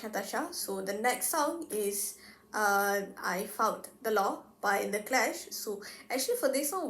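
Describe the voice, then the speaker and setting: A young woman student giving a class presentation, chatty and relaxed, saying example words aloud to demonstrate them. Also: medium pitch, a little hiss or hum. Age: young adult. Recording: echoey room.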